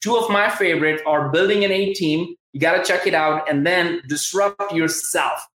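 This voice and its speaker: A man's voice: a little high, moderate pace, fairly bright tone, echoey room, low-quality recording. An enthusiastic man with a Southern US accent hosting a live-streamed interview, talking in rambling bursts with many restarts. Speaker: host.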